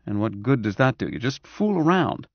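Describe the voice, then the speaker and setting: A man doing a brisk, harried, ailing doctor. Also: medium pitch, big pitch swings, husky, no room sound, muffled recording.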